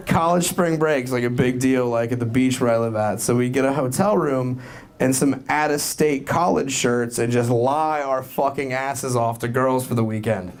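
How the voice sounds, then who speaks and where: A young man from Florida doing a rambling, profane stand-up set, building to loud punchlines. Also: medium pitch. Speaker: stand-up comedian. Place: comedy club with live audience. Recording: crowd noise from live club. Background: crowd laughing.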